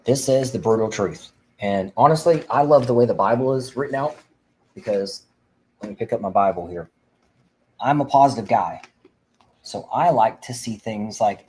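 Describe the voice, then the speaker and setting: A man's voice: on the low side, normal speed, dark tone, a little hiss or hum, rough recording. A man hosting a livestream for veterans, preaching fervently and rambling with frequent restarts. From Indiana. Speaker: veteran advocate host. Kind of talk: livestream talk.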